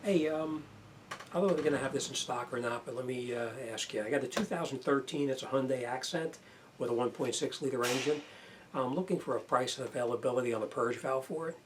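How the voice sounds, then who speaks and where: A man's voice: mid-range voice, fast. A middle-aged man, an auto mechanic, giving a plainspoken, chatty how-to demonstration in his repair shop. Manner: plainspoken, chatty, uses fillers. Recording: noisy shop background.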